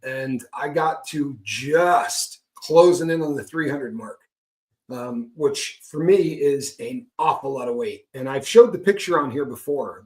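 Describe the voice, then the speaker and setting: A middle-aged man talking frankly about recovery, emphatic and prone to tagging points with "right?". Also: mid-range voice. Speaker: guest speaker on recovery. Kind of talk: candid conversational talk.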